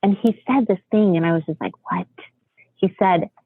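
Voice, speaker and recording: A woman's voice: moderate pace, slightly rough, dry recording. An American woman tells stories as a podcast guest, bouncing between voices as she acts out quotes and breaks into laughter. She sounds like she is on a phone line, thin and tinny. The sound is close and dry, with no room around it. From United States. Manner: animated, acts out quotes with big pitch jumps, laughs often. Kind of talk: storytelling in casual chat.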